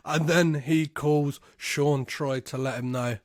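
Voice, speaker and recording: A man hosting a podcast, recapping a movie casually, swearing freely and gleefully, and slipping into quick impressions of the characters. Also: on the high side, steady tone, dry recording, clean studio sound. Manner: profane and gleeful, swears constantly. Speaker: podcast host.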